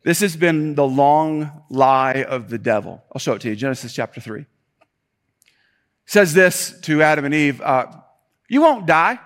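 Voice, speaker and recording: A man delivering a church sermon, animated and emphatic, repeating key points and slipping into casual, joking asides. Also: medium pitch, normal speed. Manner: animated preaching with emphatic repetition and rising intensity; conversational asides and self-deprecating humor. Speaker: pastor.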